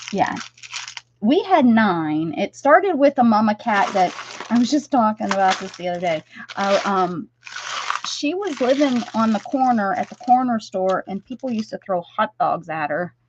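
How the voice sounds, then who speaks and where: A woman's voice: medium pitch, big pitch swings, measured pace, noisy background. A middle-aged woman chatting casually with viewers on a craft live-stream, rambling and greeting people by name. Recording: dull lo-fi stream audio.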